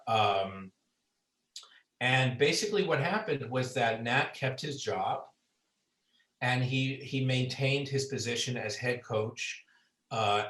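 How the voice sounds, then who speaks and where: A man's voice: medium pitch, fairly bright tone. A man, an author, chatting about his book with lots of fillers and restarts, heard over a video call. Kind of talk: conversational book talk. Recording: roomy sound, far from mic.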